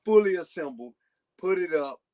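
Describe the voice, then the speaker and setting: A man's voice: fairly high pitch, animated, moderate pace, warm tone. A man telling long casual stories as a guest on a talk show, rambling with frequent restarts. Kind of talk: casual storytelling.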